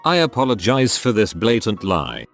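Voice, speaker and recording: A man's voice: on the low side, wildly swooping pitch, moderate pace, vocal fry, fairly bright tone. A man narrating a string of short online posts, reading each one in a plain, matter-of-fact way. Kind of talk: scripted narration. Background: faint background music.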